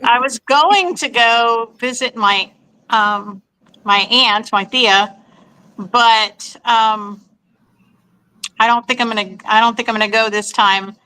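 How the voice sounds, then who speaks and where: A woman's voice: a little high, slow, clear, resonant tone, poor audio. A woman guest in a casual chat, often reacting with short exclamations and speaking with hesitant fillers. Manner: warmly responsive, hesitant fillers.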